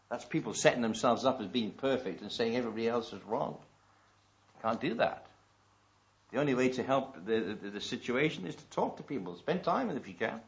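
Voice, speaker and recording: A man preaching a sermon. He reads scripture slowly and with emphasis and asks the congregation rhetorical questions. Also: mid-range voice, a bit bright. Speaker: pastor. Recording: dull lo-fi recording.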